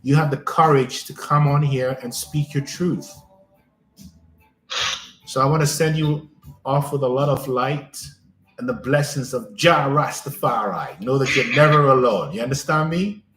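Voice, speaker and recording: A man's voice: medium pitch, measured pace, a bit bright. A man hosting a live coaching stream, offering repetitive and affirming spiritual encouragement to a caller. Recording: roomy sound with faint music.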